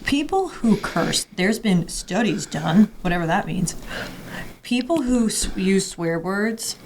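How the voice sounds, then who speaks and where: A woman with a middle-pitched voice co-hosts a podcast. She talks brightly and keeps the chat on track. A faint hiss sits behind her. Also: animated, slow pace. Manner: upbeat, organizing, keeps the show on track. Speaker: beauty expert and health coach, podcast co-host. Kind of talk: casual chat. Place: indoor room.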